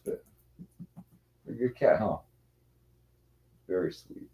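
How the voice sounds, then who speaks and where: Rambling low-voiced man on a livestream. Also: measured pace, long pauses, warm tone. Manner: rambling, many restarts, coos at his cats. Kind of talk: casual rambling livestream chat.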